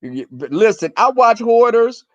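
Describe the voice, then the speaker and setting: Speaking unhurriedly, a man tells his viewers crude stories in a loose, profane rant, playing out quarrels in a high, shrill voice. The audio sounds dull, with no room sound.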